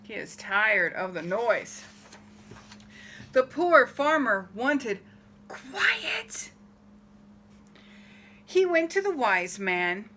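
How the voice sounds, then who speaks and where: Lively woman reading a picture book. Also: medium pitch, slow, slight background noise. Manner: animated, asks listeners questions, acts out the story. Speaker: storybook reader.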